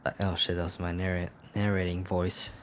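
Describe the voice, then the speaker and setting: A young man playing a text game, reading its story aloud in a hushed narrating voice and breaking off into profane, laughing commentary. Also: low voice, monotone, moderate pace, a little hiss or hum. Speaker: let's play gamer.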